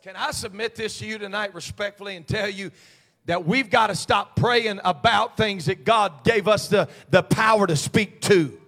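A man preaching a fervent Pentecostal sermon as pastor, his voice often rising into shouts. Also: high-pitched, moderate pace. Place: church sanctuary. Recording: long church hall reverb.

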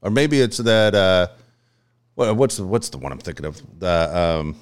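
A man's voice: low-pitched, expressive, normal speed, clean tone. A man from San Diego chatting casually on a podcast, blunt and profane. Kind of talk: casual chat.

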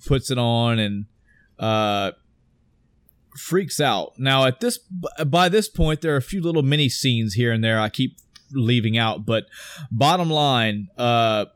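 A man chatting casually and retelling a film with lively energy, jumping into characters' voices and swearing freely. His voice sits mid-range and sounds dry and close. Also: medium pitch, a little slow, clean tone, dry recording. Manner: animated retelling, acts out characters' lines with cursing. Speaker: podcast co-host recapping a film. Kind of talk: casual chat.

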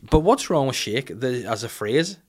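A man's voice: mid-range voice, expressive, moderate pace, a little mellow. A man, telling a rambling, jokey, self-mocking story in casual chat. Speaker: podcast host telling an anecdote.

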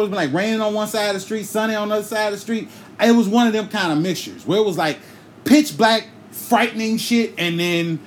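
A man hosting a podcast, telling a comic story in a loose, profane, animated way and breaking into sung bits now and then. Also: high voice, a little hiss or hum. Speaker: podcast host.

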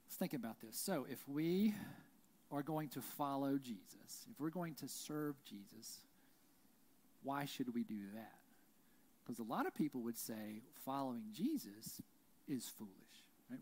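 A pastor delivering a sermon in a loose, conversational way, checking in with "right?" after his points. He tells stories with lively, animated energy. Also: mid-range voice, fairly quick, slightly rough. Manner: conversational, frequent "right?" tags, animated storytelling. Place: church.

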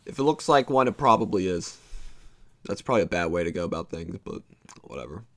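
A man's voice: sits low, animated, brisk, fairly bright tone, no echo. A young man hosting his own podcast, rambling casually with many fillers and loose, meandering thoughts. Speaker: podcast host.

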